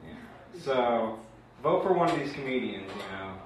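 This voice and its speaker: A young man with a medium-pitched, lively voice talks at a normal speed through a rambling, self-deprecating open mic stand-up set packed with fillers. He performs in a small open mic room where the audience laughs, and background noise carries through. The clip is an echoey bootleg recorded from far off in the live room.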